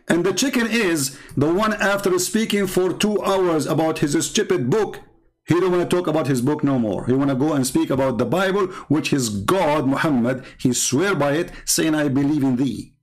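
A man from the Arab world with an Arabic accent and a voice on the high side speaks at normal speed, delivering mocking polemical commentary as a Christian apologist. He's sarcastic and taunting, repeating words in bursts.

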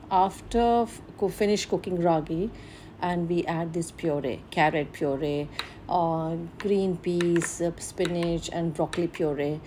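A woman's voice: fairly low pitch, dark tone, a little hiss or hum. A woman, a mother explaining her baby's meals in a casual home vlog, with many fillers and restarts. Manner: unhurried, plain, with frequent "uh" fillers and restarts. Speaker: mother and home cooking vlogger.

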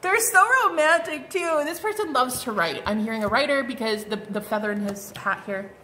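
A woman's voice: on the high side, expressive, normal speed, bright, forceful tone, a little hiss or hum. A woman giving a casual tarot card reading, chatty and bubbly, full of fillers and exclamations. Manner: chatty, bubbly, lots of "like" and "oh my God".

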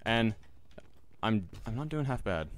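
A man's voice: lowish voice, expressive, measured pace, a little hiss or hum. A young man talking casually over his own gameplay, joking and muttering to himself and his viewers, with sudden yelps. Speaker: gaming YouTuber. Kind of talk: live gameplay commentary.

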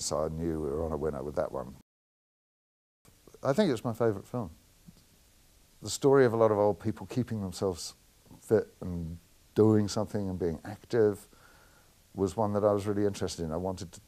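A middle-aged New man speaks in a low voice with a gravelly edge. He answers interview questions as a film editor, frank and full of anecdotes. He often lets out a chuckle. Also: warm tone.

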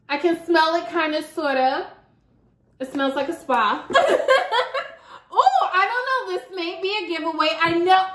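A young woman talks straight to her viewers while unboxing beauty products, chatty and quick to giggle. Her voice sits high and bright. The room around her rings with echo. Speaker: beauty vlogger. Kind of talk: casual unboxing chat.

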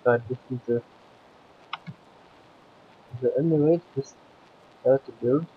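A man's voice: medium pitch, measured pace, breathy edge, narrow, tinny audio. A man with a Scottish accent giving playful, chatty gameplay commentary and bossing around the characters in his game. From Scotland. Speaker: let's play host.

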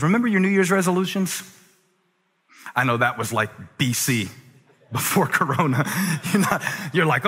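A man preaching a sermon as a pastor, moving from quiet, conversational stretches to shouted, near-sung climaxes. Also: high-pitched, normal speed, long pauses, slightly rough. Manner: preaching with swings from quiet talk to shouted crescendos. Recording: long reverb of a large hall.

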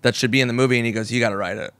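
A man in his forties from the United States tells stories as a podcast guest, swearing freely and slipping into quick voices for the people he quotes. His voice sits at a middling pitch. The sound is close and dry, with no room echo. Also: fairly even intonation, a bit bright. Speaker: guest comedian. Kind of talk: casual storytelling chat. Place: podcast studio.

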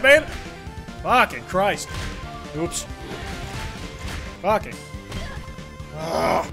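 A young man doing excitable, profane commentary while playing a fighting game. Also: fairly high pitch, brisk, over music. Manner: excitable, swears a lot. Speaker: gaming streamer.

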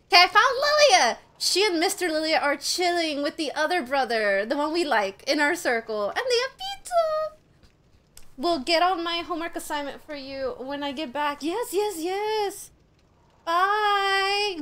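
A woman streaming a first playthrough of a game, chatting with her viewers, swearing and screaming at the action. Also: very high-pitched. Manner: chats with viewers while playing. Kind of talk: live gameplay commentary. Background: loud game music.

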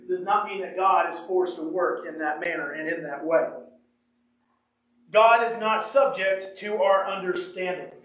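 A man preaches with a notably high voice, reading scripture aloud and repeating key lines for emphasis. The mic sits well back from him, so his voice rings through a very reverberant church room. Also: a bit bright. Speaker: pastor. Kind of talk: sermon. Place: church sanctuary. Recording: echoey room, mic far off.

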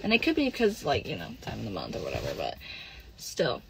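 A young woman on a phone livestream, venting and close to tears, halting, with lots of "like" and "literally" as she reads comments. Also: extremely low pitch, wildly swooping pitch, noisy background. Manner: frequent "like" and "literally", halting and upset. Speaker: livestream host. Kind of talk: casual livestream chat, reading comments.

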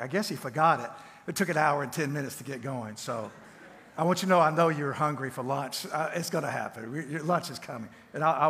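A man's voice: fairly high pitch, a bit bright. A man in his sixties from Tennessee with a Southern accent gives a folksy, conversational church teaching talk. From Tennessee, USA. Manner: folksy, conversational, repeats words and restarts. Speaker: guest speaker and counselor. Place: church sanctuary. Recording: long church reverb.

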